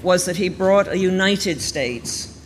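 A man giving a thoughtful, conversational talk on history, explaining events in a measured, storytelling way. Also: sits high, lively intonation. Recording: reverberant room with faint background noise.

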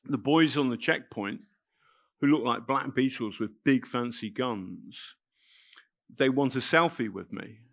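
A middle-aged man, telling a personal story to an audience in a halting, emotional way with many restarts. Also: mid-range voice, a bit bright, dry recording. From England. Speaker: festival speaker telling a story. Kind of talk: spoken anecdote to a live audience.

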